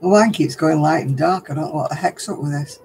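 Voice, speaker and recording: A man's voice: on the high side, brisk, gravelly, darkish tone, a little hiss or hum, low-quality recording. An older man hosting a casual livestream chat, talking in a rambling, chatty way and laughing often. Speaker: host.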